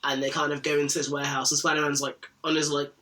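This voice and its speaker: A man's voice: fairly high pitch, fast. A man co-hosting a podcast, casually recapping a cartoon episode and acting out characters' lines with plenty of swearing. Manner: animated, acts out characters' lines, swears freely. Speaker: podcast co-host.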